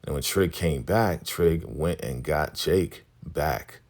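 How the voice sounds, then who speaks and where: Man, very low and gravelly, casual TV recap vlogger, loose conversational retelling. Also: slow. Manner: retells scenes conversationally, quoting characters loosely.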